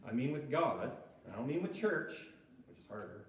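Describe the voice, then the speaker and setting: A man's voice: mid-range voice, very animated, fairly quick, fairly bright tone, a little hiss or hum. A man giving an informal sermon at a church recovery group, talking conversationally and often checking in with his listeners. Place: church hall. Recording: echoey church hall, mic far off.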